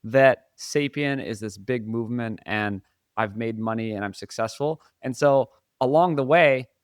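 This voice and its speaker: A man's voice: mid-range voice, unhurried, clean tone, no room sound, clean studio sound. A man co-hosting a podcast, talking earnestly and laughing easily in casual chat. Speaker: podcast co-host.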